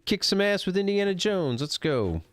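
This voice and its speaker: Male streamer, middle-aged, profane rambling talk, smooth voice, dry close mic. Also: high-pitched, very animated, normal speed, no room sound. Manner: profane, rambling, gets heated. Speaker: gaming streamer. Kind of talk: casual rant over gameplay.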